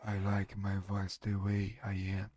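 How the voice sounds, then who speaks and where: Slow-talking Brazilian streamer man. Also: sits low, monotone, darkish tone. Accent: Brazilian Portuguese. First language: Portuguese. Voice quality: strong voice. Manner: halting, searching for English words. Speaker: game streamer. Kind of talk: casual live-stream chat.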